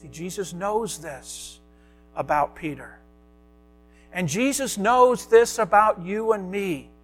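A man preaching a sermon as a pastor, earnest, sometimes dropping to a soft hush. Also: sits high, slow, faint music behind.

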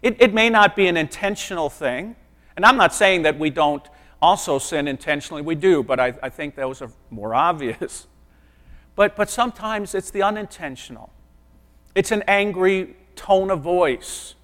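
High-voiced pastor in a reverberant hall. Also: male voice, expressive, moderate pace. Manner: conversational, earnest, dropping to soft asides. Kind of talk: sermon. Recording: long reverb of a large hall.

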